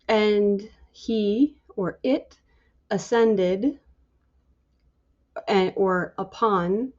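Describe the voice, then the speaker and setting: A woman leading a Bible study, slowly working through scripture word by word in a halting, musing, tentative way. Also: mid-range voice, darkish tone, dull audio.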